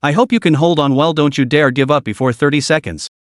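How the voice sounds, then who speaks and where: Man reading as calm mocking poisoner, cool and cruel, dry read. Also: a little high, fast, no room sound, natural voice. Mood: taunting. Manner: calm, taunting.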